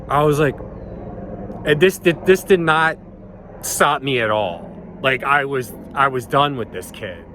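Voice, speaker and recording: Slow-talking man telling a rambling story. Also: mid-range voice, noisy background. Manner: rambling, profane, many restarts and ums. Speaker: vlogger. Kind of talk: casual personal storytelling.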